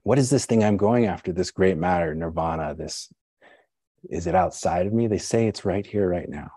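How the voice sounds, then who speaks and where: A man speaks at a deep, low pitch with a husky, slightly breathy tone as he gives a Zen dharma talk. His delivery is conversational and musing, asking himself questions and checking in with the listeners. The voice is close and dry, with little room sound. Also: moderate pace, warm tone, no echo. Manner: frequent "right?" and "you know". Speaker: Zen teacher.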